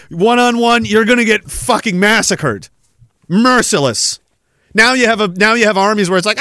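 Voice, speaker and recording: A man's voice: sits high, pushed and bright, dry recording, clean studio sound. A man, hosting a podcast in a profane, sarcastic ranting monologue. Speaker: podcast host.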